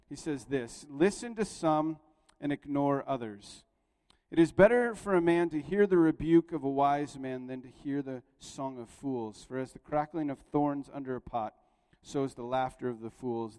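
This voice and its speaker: A pastor delivers a sermon, telling a story conversationally and building toward emphatic points. His voice is medium-pitched with a darkish tone, and the recording carries the long reverb of a large hall.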